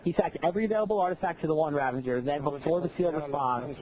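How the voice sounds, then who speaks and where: A man giving live tournament commentary, analytical and measured. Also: on the high side, a crowd in the background. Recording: dull lo-fi broadcast audio.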